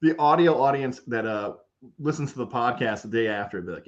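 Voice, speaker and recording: A man co-hosting a radio sports talk show, chatting casually with quick sarcastic asides. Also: mid-range voice, highs cut off. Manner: fast and lively, with sarcastic asides.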